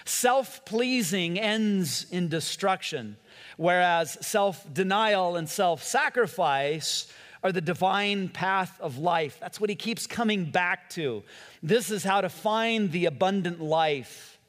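Male pastor, chatty sermon delivery, acts out quotes, slightly higher voice, long hall reverb. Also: animated, takes it slowly, a bit bright. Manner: conversational preaching, acts out quotes, frequent restarts.

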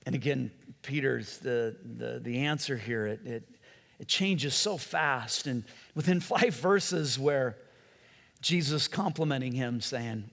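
A man's voice: medium pitch, takes it slowly, gravelly, fairly bright tone, long reverb tail. A man preaching a sermon in a conversational way, acting out quotes and often restarting his sentences. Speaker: pastor.

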